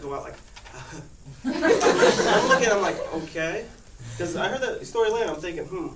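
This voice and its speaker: Giggly teen boy telling a story. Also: fairly high pitch. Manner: rambling, laughs often mid-story. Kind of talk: casual personal anecdote. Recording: echoey room, far-off mic, noisy.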